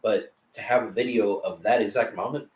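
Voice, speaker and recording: A man's voice: fairly low pitch, fairly even intonation, brisk. A young man co-hosting a podcast in a laid-back casual chat, swearing freely and restarting his sentences. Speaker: podcast co-host. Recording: echoey room, mic at a distance.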